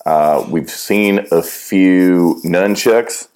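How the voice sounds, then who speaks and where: Super deep voiced deadpan guy, improv rv park owner, talks slow. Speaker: guest playing an RV park owner. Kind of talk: improvised comedy character.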